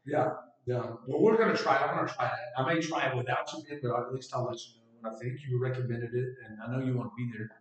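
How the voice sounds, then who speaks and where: A man's voice: mid-range voice, quick pace, few pauses, recorded from a distance. Chatty man heard off-mic in echo. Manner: chatty, teasing, laughs often. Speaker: podcast co-host. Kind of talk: casual podcast chat. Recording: echoey room, away from mic.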